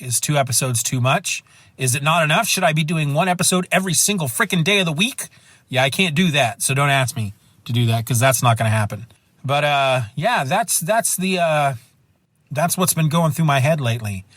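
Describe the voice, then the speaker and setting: A man's voice: fairly high pitch, lively intonation, normal speed, fairly bright tone, no echo. A man hosting his own solo podcast, talking into a phone in a loose, rambling way with self-mocking rants. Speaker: podcast host. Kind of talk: casual solo podcast monologue. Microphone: phone used as mic.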